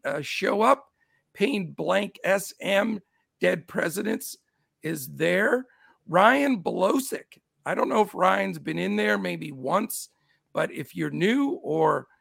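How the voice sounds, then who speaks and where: A man's voice: high-pitched, gravelly, breathy edge, no room sound, clean studio sound. A middle-aged man with a scratchy voice hosting a casual sports betting show, upbeat as he greets his chat. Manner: upbeat, shouts out chat names. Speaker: show host.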